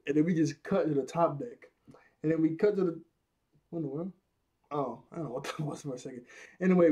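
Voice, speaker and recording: A man's voice: on the high side, mellow. A man giving a casual, rambling episode review, laughing often at his own jokes.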